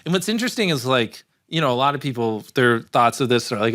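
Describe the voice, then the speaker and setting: Casual podcast guest, man, mid-pitched, rambling anecdotes full of fillers, laughs easily. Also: expressive, fast talker, a bit bright. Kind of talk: casual chat.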